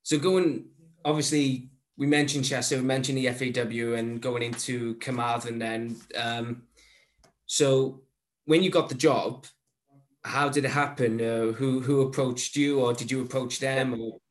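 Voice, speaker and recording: A man's voice: mid-range voice, fairly even intonation, measured pace. Eager male podcast host. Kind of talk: casual podcast interview.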